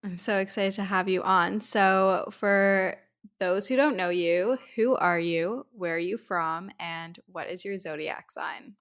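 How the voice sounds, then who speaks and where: A young woman from Canada hosting a podcast, chatting enthusiastically with lots of fillers, her voice hoarse from a head cold. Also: fairly low pitch, fairly even intonation, a little slow, fairly bright tone. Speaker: podcast host. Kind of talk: casual podcast chat.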